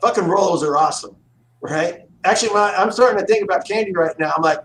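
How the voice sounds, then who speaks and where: A man's voice: high voice, fast. Profane rambling man in a roomy space. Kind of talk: casual chat. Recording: roomy echo with faint noise.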